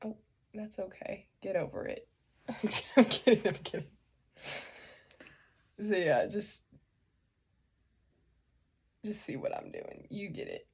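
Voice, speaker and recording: A woman's voice: mid-range voice, huge pitch swings, slow, vocal fry, long pauses, a little mellow, husky. A young woman hosting a casual makeup tutorial, chatty and joking as she explains each step.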